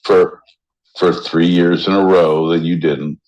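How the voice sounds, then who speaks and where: Slow, low-voiced rowdy podcast host. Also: male voice, fairly even intonation, highs cut off. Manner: rowdy, joking, swings into loud mock voices. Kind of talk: casual banter.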